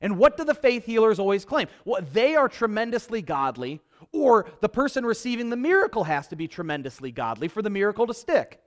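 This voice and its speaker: Lively high-voiced male pastor preaching. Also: brisk. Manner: emphatic, repetitive, with joking asides. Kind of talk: sermon. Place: church before a congregation.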